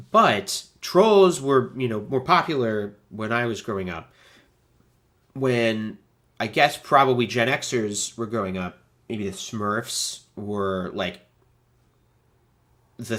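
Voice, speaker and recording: A man in his thirties from the United States with a stuffy nose, hosting a chatty, animated livestream. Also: fairly low pitch. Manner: chatty and animated, many fillers. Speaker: host. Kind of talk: casual livestream chat.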